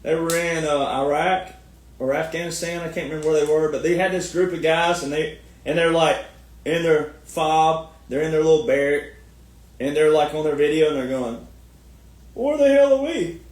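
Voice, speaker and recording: A man's voice: on the high side, fairly even intonation, normal speed. Sarcastic male veteran ranting, echoey room. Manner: sarcastic, mocking, laughs often. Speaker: commentator, military veteran. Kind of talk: ranting online commentary. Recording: echoey room, far from mic.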